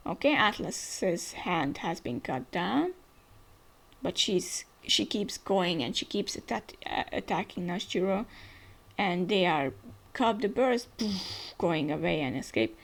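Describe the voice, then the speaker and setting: A woman hosting a casual manga reaction, reading panels aloud and thinking out loud as she goes. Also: fairly low pitch, lively intonation, slow, vocal fry. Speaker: manga reaction channel host.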